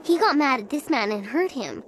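A woman's voice: high-pitched, very animated, moderate pace, fairly bright tone, a little hiss or hum. A woman voicing a little girl in a video game who earnestly warns of a dangerous guardian. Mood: warning. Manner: earnest, childlike pleading.

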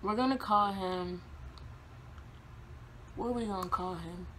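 A young woman vlogger telling a casual storytime, animated, laughing often and acting out quotes. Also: medium pitch, measured pace, a little hiss or hum.

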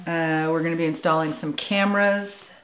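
A woman in casual conversation as co-host of a homestead video, talking in a lively, teasing way and laughing often. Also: deep voice, moderate pace. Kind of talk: casual chat. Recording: echoey room with faint noise.

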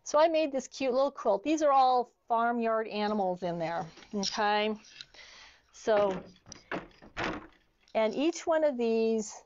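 Middle-aged woman, sewing teacher on a video call, higher voice, chatty storyteller, dry slightly dull mic. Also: lively intonation, slow, long pauses, darkish tone. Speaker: sewing instructor. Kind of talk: online sewing class demonstration.

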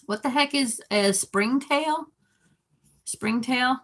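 A woman hosts a loose live stream in a bright, forceful voice, talking slowly. She rambles, giggles often, and reads viewers' comments aloud as she goes. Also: high voice. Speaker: livestream host reading chat. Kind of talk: casual live-chat talk.

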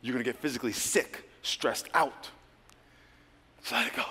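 A male pastor preaching a sermon, swinging between loud, lively exhortation and hushed prayer. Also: mid-range voice, normal speed, slightly rough. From United States. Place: large church hall. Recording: long hall reverb.

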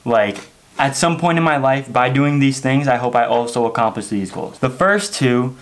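A young man rants straight to camera in a loose, chatty vlog. He tells stories in an animated way, dropping "like" and "okay?" all the time, and his voice sits at a mid pitch. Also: normal speed, a little hiss or hum. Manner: animated storytelling, frequent "like" and "okay?". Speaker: wrestling vlogger. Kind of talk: casual vlog rant.

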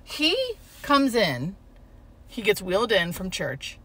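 A woman who works as a hospice nurse, casually telling a story to camera in an animated, expressive way. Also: mid-range voice, slow pace, background noise. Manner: animated, expressive retelling with quoted dialogue.

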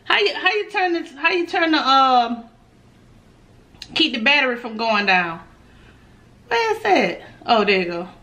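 A woman's voice: sits high, expressive, normal speed, sharp tone. A woman food vlogger, chatting casually and nervously to her viewers, laughing often. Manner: nervous, giggly energy. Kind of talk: casual mukbang vlog.

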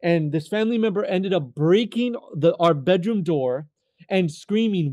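A man in his thirties from California, telling his life testimony as a guest in an earnest, halting way, often repeating words as he restarts. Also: high voice, expressive, dark tone, dry recording, clean studio sound. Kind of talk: personal testimony storytelling.

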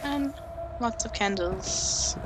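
A woman's voice: on the high side, takes it slowly, very noisy. A woman casually commenting as she plays a game, chatting, muttering and humming to herself as she explores. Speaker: let's play gamer. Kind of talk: casual let's play commentary. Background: game music.

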